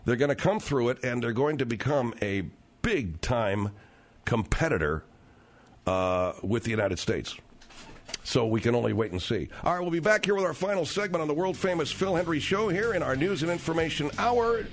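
A middle-aged man hosting a comedic talk radio show, riffing sarcastically on news stories with animated delivery. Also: mid-range voice, moderate pace.

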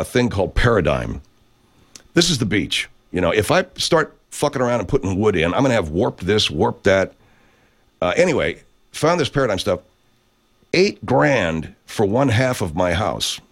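Animated, swearing middle-aged man. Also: on the low side, normal speed. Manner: rambling, profane, animated. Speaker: livestream host reading chat. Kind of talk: casual chat.

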